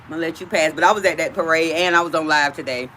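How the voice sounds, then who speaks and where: A woman's voice: deep voice, very fast, sharp tone, a little hiss or hum. A woman hosting a casual livestream from outdoors, chatting directly with her viewers. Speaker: livestream host.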